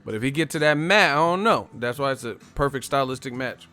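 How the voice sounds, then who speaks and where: A man casually chatting on his own live stream, swearing freely and laughing often. His pitch sits mid-range but rises and falls a lot as he talks. Faint music plays in the background. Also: animated, fairly quick, pushed and bright. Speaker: host of a boxing live stream.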